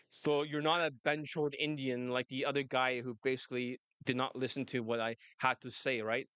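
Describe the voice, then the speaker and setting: A man's voice: medium pitch, fairly even intonation, moderate pace, fairly bright tone, clear, resonant tone, no room sound. A man coaching on dating, talking brashly and laughing often in casual chat. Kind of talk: casual monologue and phone call.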